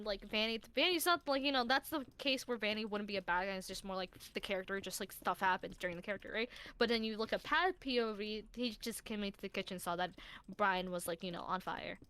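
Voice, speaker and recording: A woman's voice: medium pitch, quick pace, a bit bright, clear, resonant tone. A young woman in casual chat, rambling with many fillers as she earnestly defends characters from a roleplay series. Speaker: streamer and roleplay series member.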